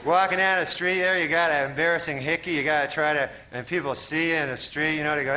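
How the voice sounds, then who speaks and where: A man from Canada doing a stand-up comedy set, deadpan and rambling with lots of fillers. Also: a little high, a little fast. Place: TV studio stage. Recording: crowd laughter and noise of a TV studio audience.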